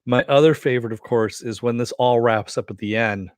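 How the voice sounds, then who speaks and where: A man's voice: mid-range voice, a little fast, dry recording, studio quality. A man giving a casual, rambling episode review, laughing often and swearing.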